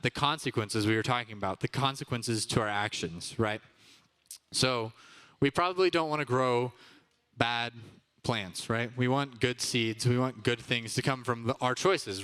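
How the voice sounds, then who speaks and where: A man's voice: mid-range voice, sharp tone, smooth. A young man teaching a children's church lesson, upbeat and constantly asking the kids questions. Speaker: kids' ministry teacher. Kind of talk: youth sermon to children. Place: church kids' room with a live audience.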